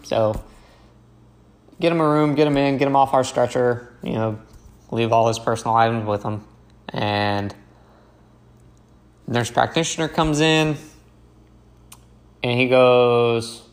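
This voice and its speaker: A young man, a paramedic, casually telling a story in a slow, halting way with many fillers and restarts. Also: medium pitch.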